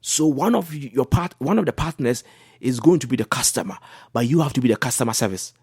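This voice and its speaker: A husky-voiced male pastor speaking on a talk show, working through his advice with earnest, repetitive phrasing. His voice is slightly rough and sits at an ordinary pitch, recorded close and dry with no room sound. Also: animated, brisk, a little mellow, no echo. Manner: earnest, repetitive preaching cadence. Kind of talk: talk show teaching on marriage.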